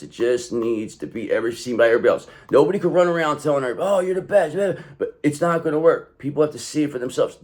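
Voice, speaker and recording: A man reads tarot in a loose, streetwise way, leaning on swearing and repeated words for emphasis. His voice sits in a middling range. He jumps between loud bursts and low, muttered asides. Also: slight background noise. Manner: emphatic and profane, streetwise talk. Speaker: tarot reader. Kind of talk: casual spoken tarot reading.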